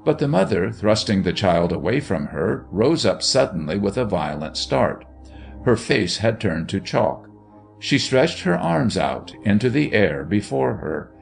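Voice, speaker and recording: A man narrating a story aloud in an expressive, dramatic reading. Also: on the low side, measured pace, vocal fry, faint music behind.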